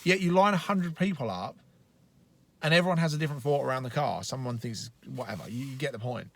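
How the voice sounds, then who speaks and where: A man's voice: mid-range voice, lively intonation, fast, vocal fry, no room sound. Blunt, swearing male life coach. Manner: blunt, profane, conversational. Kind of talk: casual motivational training talk. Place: inside a parked car.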